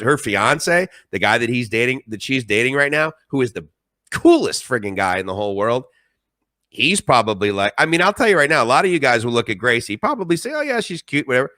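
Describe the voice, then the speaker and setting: A man's voice: medium pitch, bright, forceful tone, dry recording, studio quality. A middle-aged man telling stories on a live stream in a rambling, emphatic and emotional way. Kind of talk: casual live-stream monologue.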